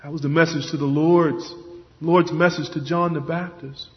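A man's voice: fairly high pitch, fairly even intonation, moderate pace. A man preaching a sermon, earnest and emphatic, often repeating words as he stresses a point. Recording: dull lo-fi sound with long hall reverb.

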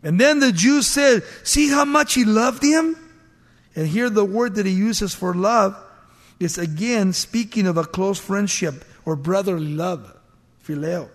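This is a male preacher whose lively, high-pitched sermon brings the people of a scripture story to life, punctuated by laughter. His measured delivery shifts from loud bursts to quiet asides, all carried by the lingering echo of a large hall.

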